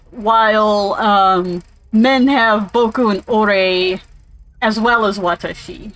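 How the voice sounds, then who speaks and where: A woman's voice: medium pitch, fairly bright tone, poor audio. A woman casually commentating while playing a game, rambling and swearing freely. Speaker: let's play streamer.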